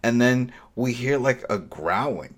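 Animated man recapping a show. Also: medium pitch, measured pace. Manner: animated, acts out scenes with shifting voices. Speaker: podcast co-host. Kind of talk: casual recap chat.

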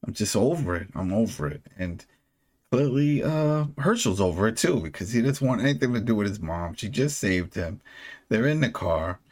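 A man's voice: fairly low pitch, expressive, moderate pace, a little mellow. A man co-hosting a podcast, casually recapping a TV episode and acting out characters' lines as he retells scenes. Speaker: podcast co-host. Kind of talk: casual show recap chat.

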